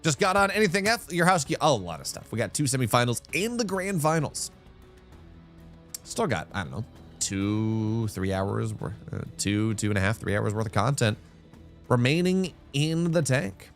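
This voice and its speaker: Male esports caster on stream, mid-pitched, lively and chatty, faint music underneath. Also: normal speed. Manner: animated, chatty, rambling asides. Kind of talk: live-streamed esports commentary.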